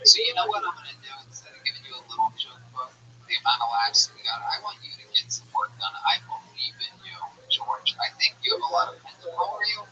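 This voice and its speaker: A man hosts a comedy show and roasts the comics crudely, jumping from hushed whispers to shouts. His voice is piercingly bright, and its pitch leaps all over. He sounds distant and muffled, with music playing faintly behind him. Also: wildly swooping pitch, quick pace. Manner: crude, mocking, swings between whispers and shouts. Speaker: show host. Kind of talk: mocking comedy-show hosting.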